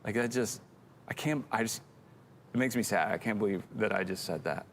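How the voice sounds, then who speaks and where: A man's voice: fairly low pitch, a little fast, slight background noise. A middle-aged man co-hosting a church show, telling a rambling, self-deprecating story in casual chat.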